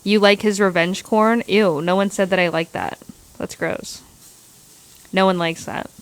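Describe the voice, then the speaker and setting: A woman's voice: mid-range voice, steady tone, a little slow, clean tone. Rambling woman livestreaming outdoors in wind. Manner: rambling, loose and profane, with many restarts. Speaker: livestream host answering viewer chat. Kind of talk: casual livestream chat. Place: outdoors on a windy day.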